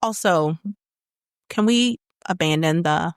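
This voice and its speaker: Expressive woman podcast co-host. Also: a little high, no echo, studio quality. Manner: expressive listener, quick reactions and gasps. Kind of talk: casual chat.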